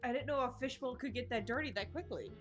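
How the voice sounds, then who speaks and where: A woman's voice: fairly high pitch, expressive, fast. A young woman co-streamer making wry, joking asides in casual commentary on a game. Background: game music.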